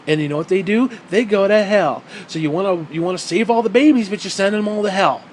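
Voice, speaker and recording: A man's voice: sits high, quick pace, a little hiss or hum, low-quality recording. A man ranting in a profane, heated monologue, sarcastic and mocking, swearing constantly. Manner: mocks others in put-on quoted voices. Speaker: vlogger.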